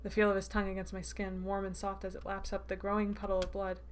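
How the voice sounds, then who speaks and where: A woman's voice: medium pitch, quick pace, slight background noise. A woman streamer reading a visual novel aloud, breaking in with wry, laughing asides. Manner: wry asides, laughing reactions, expressive narration.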